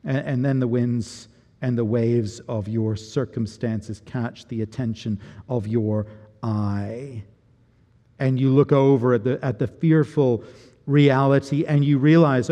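A male preacher delivers a sermon in an earnest, reflective way, often repeating words as he works through a thought. His voice is dark and mellow, and it carries a long reverb that fills a large church hall. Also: mid-range voice, fairly even intonation, takes it slowly.

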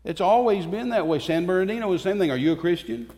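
A man's voice: high voice, expressive, darkish tone. A man preaching a sermon to a church congregation, fervent and emphatic, repeating phrases for force. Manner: fervent, emphatic, with pauses and repetitions. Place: church sanctuary. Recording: long reverb of a church hall.

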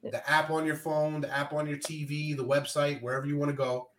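A man's voice: fairly high pitch, flat delivery, brisk, a bit bright. A man hosting a casual podcast over a video call, joking, loose and profane. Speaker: podcast host. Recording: roomy echo, faint noise.

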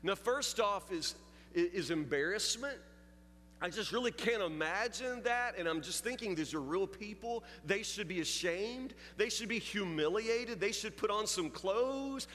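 A man's voice: high voice, expressive, measured pace, a bit bright, slight background noise. A man preaching a sermon, telling a story in a confessional, building way. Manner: storytelling, confessional, rising intensity. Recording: long hall reverb with faint music.

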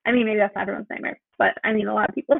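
A woman with a husky, gravelly voice retells film scenes with energy, putting on the lines of the characters. Her voice comes through thin and tinny, like a phone call. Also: mid-range voice, racing, no room sound. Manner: animated retelling, acts out lines. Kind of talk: casual film discussion.

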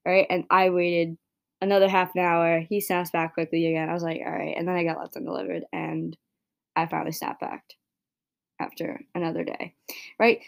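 A young woman hosting her own podcast, talking in a rambling casual monologue full of "like" and "right?", swearing freely and getting heated when frustrated. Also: on the low side. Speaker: podcast host.

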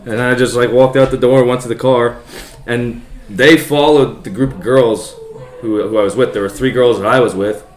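A man's voice: mid-range voice, steady tone, normal speed. A young man telling a rambling story in casual chat, swearing heavily and laughing often. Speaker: podcast co-host telling a story. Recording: roomy echo.

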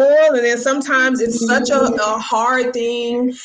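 A woman who works as a senior high school teacher, talking casually and acting out the people she quotes in raised voices. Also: fairly even intonation, slow, slight background noise, rough recording. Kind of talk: casual storytelling talk.

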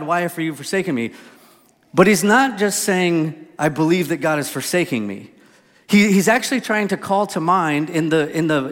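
A male pastor giving a casual, conversational sermon, relaxed and full of asides and questions to the congregation. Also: on the high side. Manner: relaxed, lots of "like" and restarts, asks the audience questions. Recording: reverberant hall.

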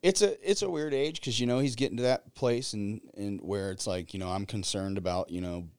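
A man's voice: lowish voice, brisk, a little mellow, clear, resonant tone, no room sound, clean studio sound. A man, a podcast guest and father of two, telling rambling stories in casual chat with many fillers. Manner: rambling storyteller with fillers and laughs.

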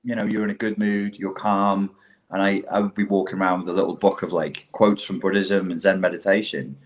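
A middle-aged man in casual conversation, talking in an animated, profane way and acting out quotes as he tells stories. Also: low-pitched, fairly quick.

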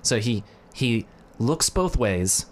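A man telling stories in a casual podcast chat, animated, with many fillers and restarts. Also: medium pitch, slow pace.

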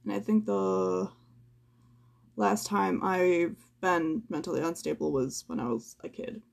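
A young woman speaks slowly on her own podcast, sighing and stammering as she vents. Her voice sits low, gravelly and husky, worn down by fatigue. She sounds near tears. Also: fairly even intonation. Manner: slow, halting, sighing, stammers. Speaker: podcast host. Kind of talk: personal venting monologue.

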